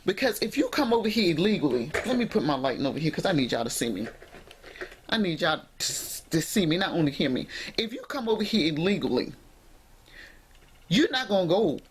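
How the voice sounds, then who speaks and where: A woman's voice: lowish voice, husky. A woman vlogger talking straight to camera in an emphatic, preachy way, speaking directly to her viewers from indoors at home on the camera mic.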